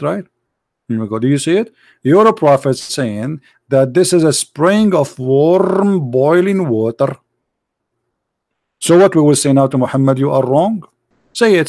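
A man's voice: fairly high pitch, a little mellow, no echo, clean studio sound. A man hosting a heated call-in debate show, speaking non-native English with broken grammar in a mocking, sarcastic way and calling his opponent "brother" again and again. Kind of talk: heated live debate with callers.

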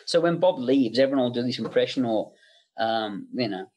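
A man's voice: mid-range voice, lively intonation, normal speed, darkish tone. A middle-aged man who works as a special make-up effects artist, a podcast guest telling anecdotes with self-interruptions and chuckling asides.

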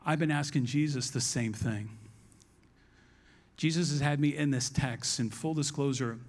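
A man as pastor, preaching a sermon in a church service in a conversational, storytelling way with quick restarts. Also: medium pitch.

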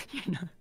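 A woman's voice: sits high, mellow, no room sound. A woman guest on a casual livestream chat, playful and giggly. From Canada. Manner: playful, giggly, quick banter. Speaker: guest streamer.

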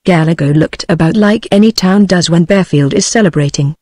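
A synthetic woman's voice with a British English accent reads a story aloud in a steady, even way. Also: lowish voice, fairly quick, no room sound. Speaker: narrator. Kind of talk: text-to-speech audiobook reading.

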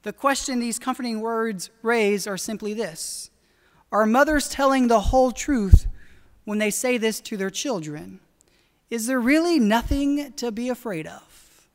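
A high-voiced woman preaching a sermon in a church sanctuary. She speaks earnestly and draws out her key phrases. A long, ringing reverb hangs on every word. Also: darkish tone. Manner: earnest, slows down for emphasis. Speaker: pastor.

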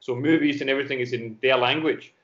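A man's voice: mid-range voice, fairly even intonation, quick pace, a bit bright. Danish man with a Glasgow-tinged accent. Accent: Danish with Glasgow Scottish. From Denmark. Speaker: guest, football coach. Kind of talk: casual podcast interview. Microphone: home call over video chat. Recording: dull lo-fi internet call audio.

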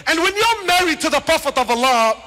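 A man preaching a passionate sermon, swinging between shouted questions and quiet asides, with Arabic words and casual slang mixed into his speech. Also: very high voice, lively intonation, brisk. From Lebanon. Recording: reverberant hall.

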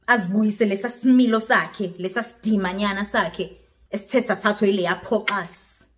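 A woman's voice: medium pitch, steady tone, normal speed. A young woman telling a story in a dramatic vlog style, switching languages as she goes. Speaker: vlogger.

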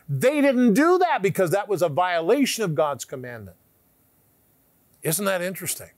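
A man giving emphatic televised Bible teaching, asking rhetorical questions and sometimes dropping to a hushed tone. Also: on the high side, no echo.

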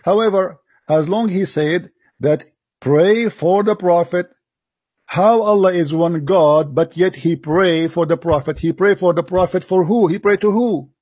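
Brief: male commentator, husky, slightly high voice, scornful and combative, dry close sound. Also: a little slow, darkish tone, dry recording. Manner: scornful, combative, broken English. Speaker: video commentator. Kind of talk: mocking commentary over a paused debate clip.

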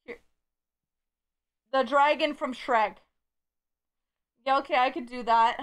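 A woman's voice: high voice, fairly even intonation, takes it slowly, fairly bright tone, clear, resonant tone. A woman streamer chatting casually with her live audience, bubbly and giggly and swearing freely.

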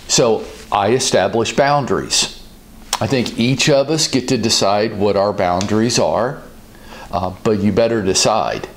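A man hosting a business advice talk, speaking in a calm, measured and direct way. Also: fairly low pitch. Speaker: host, business coach.

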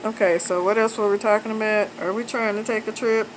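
A woman's voice: mid-range voice, a little fast. A middle-aged woman babysitting her toddler grandsons at home, teasing them in playful baby talk, laughing often in a sing-song way. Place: home, indoors. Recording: steady air-conditioner hum behind.

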